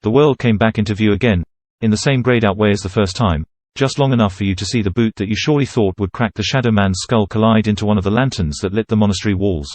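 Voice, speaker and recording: A man reading a second-person horror story in a measured, steady narrating voice. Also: fairly low pitch, no echo.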